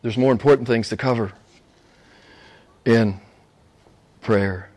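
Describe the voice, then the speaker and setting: A middle-aged male pastor preaching a sermon, swinging from hushed asides to high, emphatic exclamations. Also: slow pace, long pauses.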